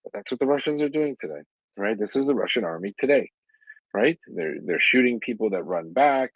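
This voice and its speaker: Man, low voice, indignant, rambling with fillers, dry close sound, muffled lo-fi stream. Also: lively intonation, brisk, no echo. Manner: rambling, with many fillers and restarts; heated and indignant. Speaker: speaker on a live audio chat space. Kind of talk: impassioned advocacy talk. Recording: dull lo-fi online audio stream.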